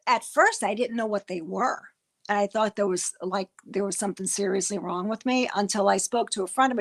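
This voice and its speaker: Chatting with her viewers and reading their messages, this middle-aged livestream host rambles casually and restarts her words often. She has a mid-range, creaky, somewhat bright voice and talks a little fast.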